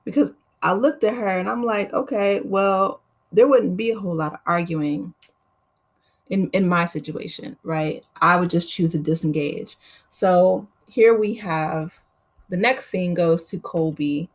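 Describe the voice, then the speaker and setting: A woman's voice: on the low side, a little slow. A woman hosting a casual, opinionated recap of a reality TV episode, talking in a chatty way full of fillers. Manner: chatty, opinionated, many fillers like "you know". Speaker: YouTube reality TV recap host.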